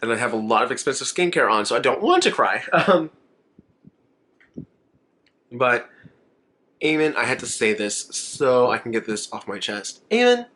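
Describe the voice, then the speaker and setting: A man's voice: mid-range voice, lively intonation, moderate pace, long pauses, bright, forceful tone. Chatty young man rambling to camera. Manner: chatty and rambling, emotional, laughs often. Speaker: makeup vlogger. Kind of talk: casual chat to camera.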